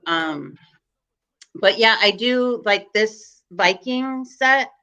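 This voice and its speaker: A woman's voice: mid-range voice, lively intonation, extremely slow, pushed and bright, clear, resonant tone, dull audio. A woman with a Chicago accent, a guest on a live-streamed video call, telling rambling stories full of fillers and restarts. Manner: rambling, filler-heavy storytelling. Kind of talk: casual chat on a live stream.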